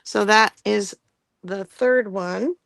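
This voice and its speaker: A woman's voice: mid-range voice, slow pace, gravelly, a bit bright, no room sound. A woman hosting a live online sale, chatting casually about vintage items and laughing often between filler words.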